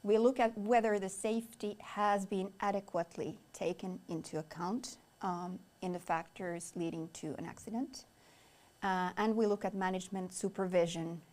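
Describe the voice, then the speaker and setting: A woman from Finland, a native Finnish speaker, presenting a safety investigation at a formal briefing, measured and pausing on fillers. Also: on the low side, a little mellow. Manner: measured, with frequent filler pauses. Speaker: head of communications presenting an investigation.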